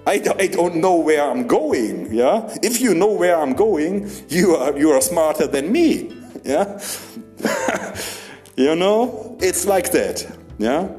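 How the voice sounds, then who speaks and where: A young man, a stand-up comedian, giving a rambling comic monologue in halting non-native English, laughing between lines and often tagging "yeah?". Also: on the high side, sing-song, darkish tone, faint music behind.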